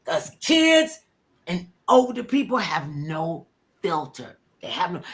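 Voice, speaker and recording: An older woman tells stories in a low-pitched, expressive voice. She acts out every quote, shouting some lines and whispering others. The talk is loose, casual and full of energy. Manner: animated, acts out quotes with sudden loud bursts and hushed whispers. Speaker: former talk show host telling stories. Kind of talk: casual storytelling interview.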